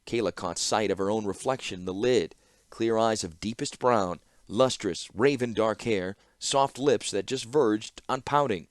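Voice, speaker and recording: A man narrating a fantasy audiobook with expressive storytelling. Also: fairly low pitch, a little slow, no room sound, studio quality. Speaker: audiobook reader.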